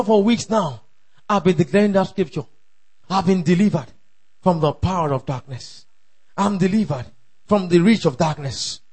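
A man delivers a sermon in a high, ringing voice. He is fervent, repeats his declarations, and often rises to a shout and breaks into laughter. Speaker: pastor.

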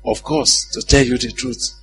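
A man preaching a sermon in an animated, humorous way, often asking the congregation if they follow him. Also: mid-range voice, normal speed, music in the background, rough recording.

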